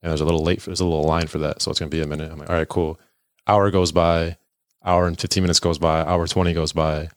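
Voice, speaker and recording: Fast-talking deep-voiced man telling a story. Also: no room sound, clean studio sound. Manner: animated, profane, acts out voices in his stories. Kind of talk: casual storytelling.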